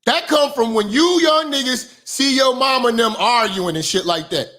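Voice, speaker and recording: A man giving a profane, comedic commentary monologue in a preachy, emphatic way, now and then breaking into shouts. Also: extremely high pitch, normal speed. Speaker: online commentator and minister.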